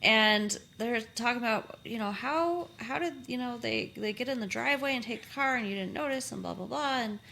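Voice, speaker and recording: A woman co-hosting a podcast, recapping a TV episode in a lively, conversational way with fillers. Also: a little high, moderate pace, vocal fry, few pauses, slight background noise. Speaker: podcast co-host. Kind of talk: casual chat recapping a TV episode.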